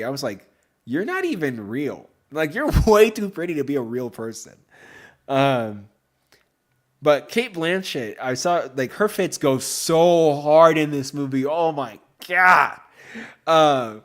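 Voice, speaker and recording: A man hosting a podcast in casual chat, rambling and excitable, with many fillers. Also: medium pitch. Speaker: podcast host.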